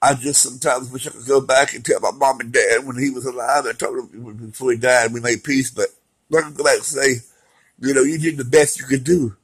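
Husky man, rambling heartfelt talk. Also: medium pitch, steady tone, brisk, low-quality recording. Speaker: vlogger sharing recovery story. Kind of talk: emotional personal monologue.

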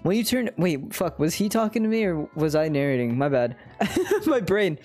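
A woman's voice: lowish voice, sing-song, moderate pace, a little mellow, soft background music. A woman streaming casually, scatterbrained, swearing and laughing as she reads a game. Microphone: headphones and desk mic.

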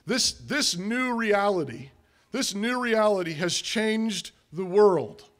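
Male pastor, high voice, emphatic sermon delivery, rhetorical questions. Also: expressive, slow, a bit bright.

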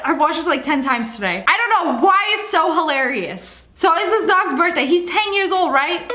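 A woman's voice: very high voice, expressive, moderate pace, pushed and bright, slight background noise. A young woman hosting a reaction video, commenting playfully in a slangy, giggly, casual way. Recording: roomy sound with background music.

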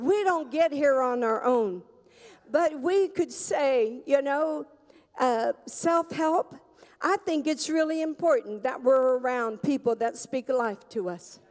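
A woman pastor preaching a sermon in a church, slow and emphatic, drawing the congregation into call-and-response. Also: high voice, darkish tone, long reverb tail. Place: church sanctuary.

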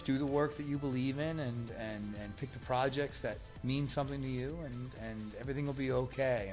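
A man answering interview questions in casual chat, laughing easily and restarting his sentences often. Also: medium pitch. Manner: laughing, halting with many restarts.

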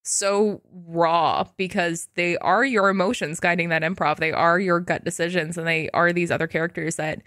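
Young woman, podcast host, rambling animated chat, dry close sound. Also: fairly low pitch, normal speed, hardly any pauses, no room sound. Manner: rambling, animated storytelling with laughs.

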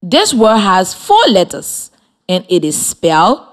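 A woman from Liberia leads a radio lesson for young children, speaking slowly and spelling out each step. Her pitch moves a lot, rising and falling in a sing-song way. She talks in an encouraging, clearly articulated classroom manner. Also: wildly swooping pitch. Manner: slow, clearly articulated, encouraging teacher talk. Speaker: radio teacher. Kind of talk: slow scripted classroom instruction. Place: radio studio with students present.

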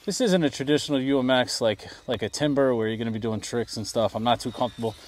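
Outdoors at a flying field and a backyard, a man talks fast in a mid-range voice as he flies a small RC plane. It's a casual vlog, chatty and self-deprecating.

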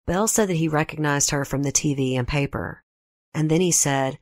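A woman hosting a true crime podcast, giving a measured scripted narration and reading quotes in her own voice. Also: sits low, dry recording, clean studio sound.

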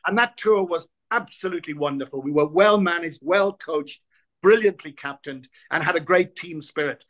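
Lively Irish-born storyteller in his sixties. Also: a little high, moderate pace. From Ireland. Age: 60s. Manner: lively raconteur, acts out quoted voices, repeats words when reaching for them. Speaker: guest, former rugby player. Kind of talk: anecdotal interview storytelling.

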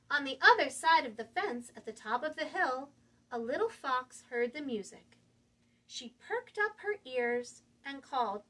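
Bright, high, sing-song story-time woman. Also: unhurried. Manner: animated, sing-song, asks young listeners questions. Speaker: children's librarian. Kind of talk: reading a picture book aloud to children.

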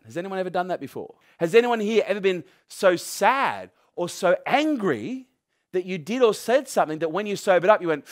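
A middle-aged man gives a punchy motivational talk to a live crowd. His voice sits a little high, and he swears for emphasis and fires questions at the room. The sound is dry and close, with almost no room echo. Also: very animated, a little fast. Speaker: motivational speaker.

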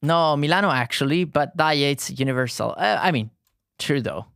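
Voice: medium pitch, lively intonation, moderate pace, a bit bright. A streamer from southern Italy speaks English with a heavy Neapolitan accent. They chat easily and talk right to the viewers. The sound is dry and close, with no room echo. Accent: Neapolitan Italian. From Naples, southern Italy. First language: Italian. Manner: chatty, talks straight to the viewers. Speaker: livestreamer. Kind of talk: casual livestream chat.

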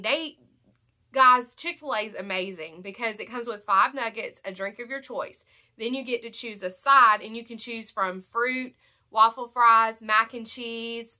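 A young woman with a Southern American accent, congested from allergies, chatting excitedly and rambling through a shopping haul vlog. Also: fairly high pitch. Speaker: haul vlogger. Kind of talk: casual chat to camera.

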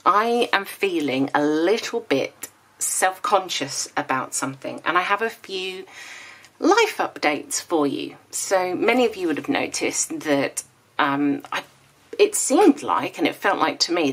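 A woman's voice: sits low, fairly bright tone, slightly rough. A woman in her thirties chatting casually in a planner vlog, with a slight lisp from dental aligners and a rambling, chatty way of talking. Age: 30s. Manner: chatty and rambling, with small laughs. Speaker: planner vlogger.

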